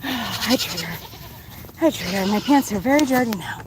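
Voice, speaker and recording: Woman farm vlogger, high lively voice, sing-song coaxing, noisy outdoor farmyard. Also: moderate pace. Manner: chatty, coaxing, talks to animals in a sing-song voice. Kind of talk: casual talk to farm animals. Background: goats bleating.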